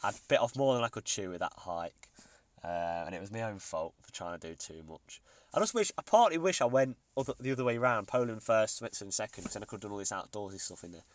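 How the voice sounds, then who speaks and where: A man's voice: on the low side, expressive, quick pace. A young man, co-hosting a podcast in a laid-back, blunt way with casual swearing. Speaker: podcast co-host.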